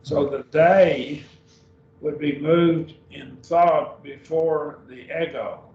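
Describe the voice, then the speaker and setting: A man's voice: a little high, steady tone, slow pace, creaky, darkish tone. A man teaching a beginning Greek class at a church, patient and often checking whether students follow. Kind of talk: classroom lesson. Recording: dull roomy sound from far off.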